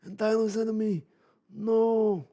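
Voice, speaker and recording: A man putting on the voice of an aging male mob boss, hushed and muffled, as a comedic impression. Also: high voice, little pitch movement, unhurried, pitched above the performer's own voice. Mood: mock menacing.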